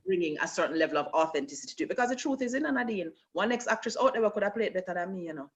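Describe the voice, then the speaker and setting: A Jamaican actress in an interview, telling stories animatedly and slipping into patois. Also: female voice, medium pitch, racing. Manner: animated storyteller, slips into patois. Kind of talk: conversational interview.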